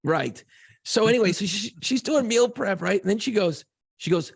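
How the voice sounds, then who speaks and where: A man's voice: sits high, expressive, normal speed, no echo, studio quality. A man co-hosting a casual podcast, swearing freely and rambling through a long story about home life. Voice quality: gravelly. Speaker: podcast co-host.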